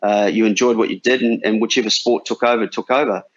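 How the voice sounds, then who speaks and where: A man's voice: lowish voice, steady tone, quick pace. A man in his forties from New Zealand, a former cricketer chatting casually as a podcast guest with lots of restarts. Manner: chatty, bantering, many restarts. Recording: dull lo-fi sound.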